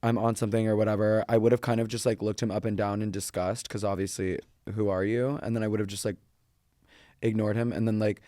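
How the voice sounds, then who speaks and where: A man's voice: fairly low pitch, flat delivery, fast, mellow, dry recording, studio quality. A young man guesting on a podcast, laid-back and sassy, with lots of "like" and "um". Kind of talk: casual chat.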